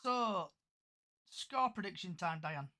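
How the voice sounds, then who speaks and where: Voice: mid-range voice, animated, slow pace, sharp tone, a little hiss or hum. A podcast host leading a casual chat round, teasing the guests.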